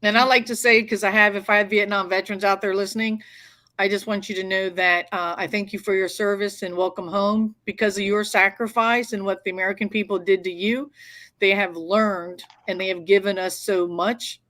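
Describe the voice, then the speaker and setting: A woman's voice: mid-range voice, fairly even intonation, a little fast, a bit bright. A woman veteran appearing as a guest in an interview, speaking in an earnest, reflective way. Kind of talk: casual interview chat.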